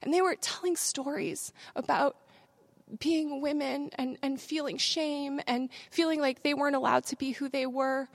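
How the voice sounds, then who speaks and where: A young adult woman telling her testimony to a church, moving between hushed confession and loud, fast preaching. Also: sits high, no echo. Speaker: speaker giving testimony. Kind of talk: sermon testimony.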